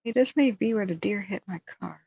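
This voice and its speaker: A woman's voice: medium pitch, brisk, vocal fry, a little mellow, slightly rough, dry recording. A woman hosting a live stream, chatting casually and thinking aloud as she tells a story. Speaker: livestream host. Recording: dull, dry lo-fi sound.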